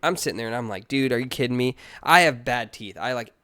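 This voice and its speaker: A man's voice: mid-range voice, fast. A man co-hosting a casual podcast, telling rambling stories about his kids. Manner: rambling storytelling, lively retelling of kids' voices. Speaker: podcast co-host.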